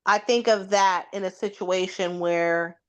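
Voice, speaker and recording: A woman in a casual Bible study discussion who laughs easily and talks in a warm way. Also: medium pitch, fairly even intonation, a little slow.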